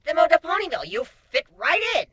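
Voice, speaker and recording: A man doing a sardonic high-voiced shapeshifter. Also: huge pitch swings, fairly quick, fairly bright tone, exaggerated voice. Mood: sarcastic. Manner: wry, sarcastic.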